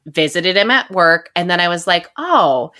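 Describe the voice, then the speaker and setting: A woman's voice: on the low side, steady tone, fairly quick, pushed and bright. A woman in her thirties on a podcast, telling a dating story in casual chat and laughing often. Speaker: podcast co-host.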